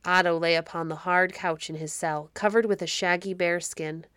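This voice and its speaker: A woman reads an old storybook aloud in a measured, expressive way. Her voice sits slightly low, and the recording is dry and close with no room echo. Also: clear, resonant tone. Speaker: audiobook narrator. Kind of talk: scripted storybook narration.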